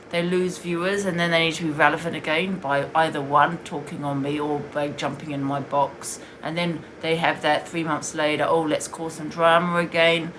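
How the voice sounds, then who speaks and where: A woman's voice: low voice, background noise. Scornful woman ranting on a stream. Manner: blunt, scornful, answering viewers' comments. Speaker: live-streamer. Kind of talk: heated live-stream rant.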